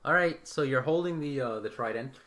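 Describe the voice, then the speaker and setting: A man's voice: mid-range voice, brisk, a bit bright. A man acting as game master, narrating a tabletop game in a casual, offhand way.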